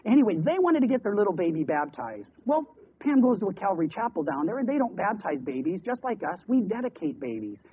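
A man's voice: high-pitched, very animated, a little hiss or hum. Man preaching over lo-fi radio. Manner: storytelling with quick voiced asides and repeated words. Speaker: pastor. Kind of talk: sermon. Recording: dull lo-fi radio broadcast.

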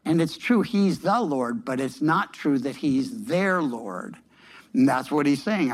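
On poor audio, a male pastor delivers a sermon in a fairly high voice with big swings in pitch, speaking a little slowly. His scripture explanation is conversational, full of restarts, fillers, and emphatic repetition.

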